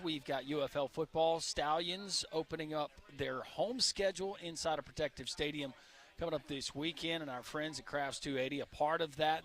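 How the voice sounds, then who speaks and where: A man hosting live sports radio with an upbeat, salesy delivery, quick through an ad read. His voice sits a touch high for a man. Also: a bit bright. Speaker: radio host. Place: restaurant on location broadcast.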